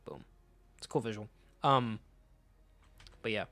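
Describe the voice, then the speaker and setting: A man's voice: mid-range voice, normal speed, fairly bright tone. A man casually reading through a comic and reacting, rambling, swearing freely and laughing often. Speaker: comic reader, channel host.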